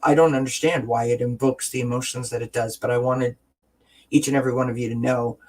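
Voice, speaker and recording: A man's voice: mid-range voice, fairly even intonation, a little fast, darkish tone, poor audio. A man hosting a wellness livestream, talking in an earnest, heartfelt, encouraging way and rambling with restarts, into a webcam. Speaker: wellness channel host. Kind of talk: casual livestream chat.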